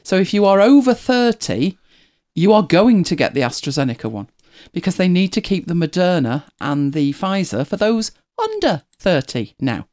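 Host, casual chat to viewers, animated pitch, chatty and self-correcting. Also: normal speed, hardly any pauses. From United Kingdom. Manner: chatty, rambling, self-correcting, laughs often. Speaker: livestream host.

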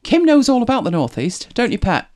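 Host, casual chat to viewers, animated pitch, chatty and self-correcting. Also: a little fast. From United Kingdom. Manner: chatty, rambling, self-correcting, laughs often. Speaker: livestream host.

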